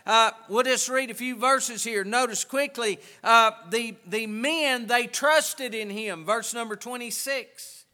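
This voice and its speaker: A man preaching a sermon with emphatic delivery, pausing and restarting often. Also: very high-pitched, pushed and bright, long reverb tail.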